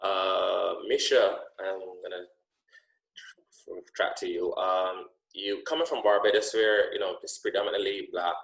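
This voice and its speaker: A man with a very deep, gravelly voice hosts a casual interview. He asks his questions haltingly. The sound is roomy and echoey. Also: steady tone, a bit bright. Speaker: host. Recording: roomy echo.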